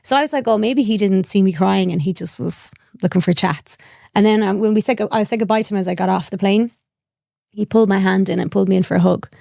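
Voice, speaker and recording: A woman's voice: mid-range voice, fast, vocal fry, darkish tone, no room sound, studio quality. A young Irish woman, a comedian, telling a personal story candidly and animatedly, acting out the voices of people she quotes and laughing often. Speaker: comedian, guest.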